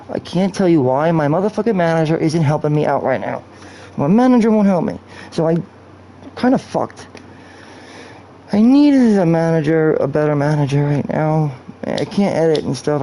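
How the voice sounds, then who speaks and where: A man's voice: a little high, lively intonation, moderate pace, dark tone, a little hiss or hum, poor audio. A man live-streaming a video game, talking in a rambling, profane, off-topic way into a cheap microphone. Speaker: gaming streamer. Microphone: cheap streaming mic.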